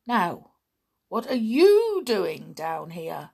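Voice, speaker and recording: A woman voicing a down-and-out male hospital porter who slurs his words, read slowly with a lively pitch. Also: vocal fry, slightly rough, exaggerated voice. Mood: weary. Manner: slurred, mild.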